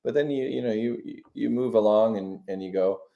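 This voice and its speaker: Man in his thirties, from the United States, musician guest, relaxed and reflective, laughs easily, fairly low voice. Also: fairly quick, vocal fry, lo-fi sound. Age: 30s. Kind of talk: casual chat.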